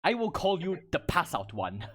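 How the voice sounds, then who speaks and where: A man voicing a boisterous, amused female giant warrior in her twenties, speaking heartily and slowly. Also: low voice, big pitch swings, pitched above the performer's own voice. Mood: teasing. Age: 20s.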